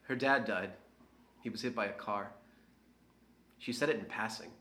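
An actor voicing a reflective man who speaks in a quiet, measured, rueful way about his past. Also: on the low side, roomy sound. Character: reflective man who once smoked, looking back. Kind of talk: dramatic first-person narration.

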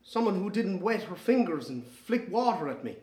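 A gentle, sensitive Irish man speaks softly and tenderly, played by an actor. His pitch rises and falls in a lively way. The recording sits in a noticeably echoey room. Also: moderate pace. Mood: wistful. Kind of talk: dramatic first-person narration.

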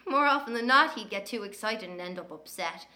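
An actress voicing a blunt, sharp-tongued Irish woman who narrates her childhood with an earthy, cursing manner. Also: medium pitch, animated. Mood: candid, wry. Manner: brisk, earthy storytelling with cursing. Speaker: narrator recalling her twin brother. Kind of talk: dramatic first-person narration.

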